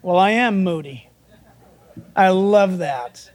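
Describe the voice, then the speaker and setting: High-voiced, animated male pastor preaching. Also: normal speed. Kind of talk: sermon.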